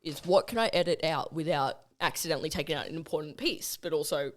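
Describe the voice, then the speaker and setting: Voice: medium pitch, fast talker, a little hiss or hum. A young adult hosts a casual podcast chat, talking bluntly with lots of swearing. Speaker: podcast host.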